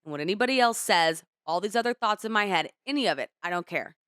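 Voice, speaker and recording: A woman's voice: mid-range voice, expressive, fast talker, a bit bright, smooth, no room sound, clean studio sound. A young adult woman co-hosting a podcast in casual chat, candid and rambling as she opens up. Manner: candid, rambling, emotional retelling. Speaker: podcast co-host.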